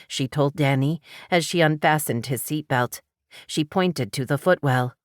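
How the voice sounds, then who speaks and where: A woman narrating an audiobook in a steady, dramatic storytelling manner. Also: low voice, measured pace, dry recording, studio quality.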